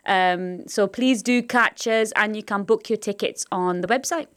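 A woman with a Lancashire accent talks as a guest in an interview. She is chatty and warm-humoured, laughs often and fills her talk with "like" and "um". Her voice sits at a medium pitch. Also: normal speed, smooth. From Blackburn, England. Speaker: comedian guest. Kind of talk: casual interview chat.

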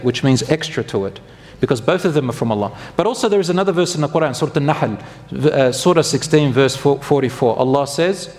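Speaking a little fast in a fairly high, animated voice, an Islamic preacher addresses his congregation in a conversational way. He asks the audience questions and revises himself as he goes, with long reverb echoing through the hall.

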